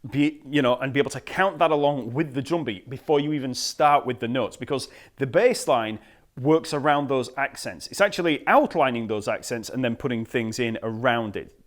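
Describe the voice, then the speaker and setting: A man teaching a bass lesson, patiently explaining rhythms, counting beats aloud and scatting the patterns. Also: normal speed. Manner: relaxed, patient explaining with fillers. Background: bass guitar playing.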